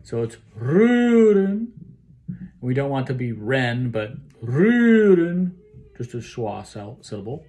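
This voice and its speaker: A man's voice: mid-range voice, brisk, hardly any pauses, dark tone. A man coaching a choir on phrasing, explaining each line and then singing it to show how it goes. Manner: explains phrasing, then sings the lines to demonstrate. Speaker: choir director. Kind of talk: choral rehearsal instruction. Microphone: solo recording for a rehearsal video.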